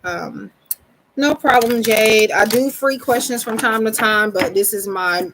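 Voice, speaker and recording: A woman's voice: on the high side, measured pace, a little hiss or hum, rough recording. Rambling woman giving a live tarot reading. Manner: relaxed, rambling, frequent ums; greets viewers mid-reading. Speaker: tarot reader.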